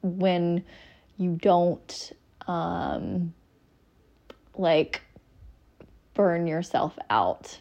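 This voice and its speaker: A woman's voice: lowish voice, animated, drawn-out words, vocal fry, pauses often, dull audio. A young adult woman hosting a solo podcast, talking candidly and rambling, with frequent ums and restarts. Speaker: podcast host. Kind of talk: casual solo podcast monologue.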